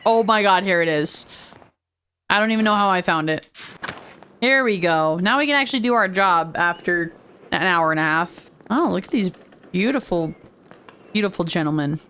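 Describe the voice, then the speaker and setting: A woman casually commenting as she plays a game, chatty and playful with quick asides. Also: on the low side, lively intonation, fairly bright tone, slight background noise. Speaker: let's play host.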